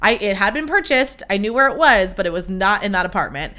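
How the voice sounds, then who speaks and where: Bright-voiced young woman gushing about a friend's wedding. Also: medium pitch, expressive, brisk. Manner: chatty, gushing, full of fillers and quoted dialogue. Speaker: podcast host. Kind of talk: casual chat.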